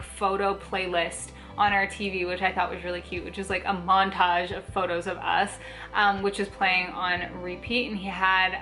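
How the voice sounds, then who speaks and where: A young woman vlogging, telling a personal story to camera in a chatty, animated way, full of "like" fillers. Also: mid-range voice.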